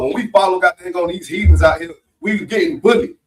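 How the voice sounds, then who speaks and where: A man with a fairly high voice exhorts the group forcefully, swearing and repeating phrases for emphasis. He is picked up from some distance away. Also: a little fast. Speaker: member speaking at a religious meeting. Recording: mic far off.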